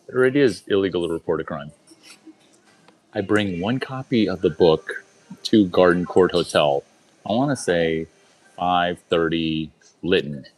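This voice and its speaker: A man telling a casual story to a group in quick bursts, repeating lines and firing rhetorical questions at his listeners. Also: low voice, a little hiss or hum, rough recording.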